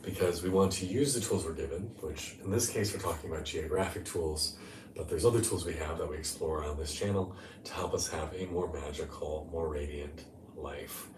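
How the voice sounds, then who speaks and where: A man hosting a live-streamed guided meditation talk, speaking in a gentle, unhurried way from a hotel room. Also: low-pitched, roomy sound, recorded from a distance, noisy background. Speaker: life coach and meditation host.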